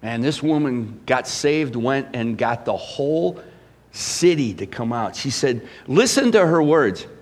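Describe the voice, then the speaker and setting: A man preaching a sermon as pastor, animated and swinging between loud emphasis and hushed asides. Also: mid-range voice, unhurried, in a large hall.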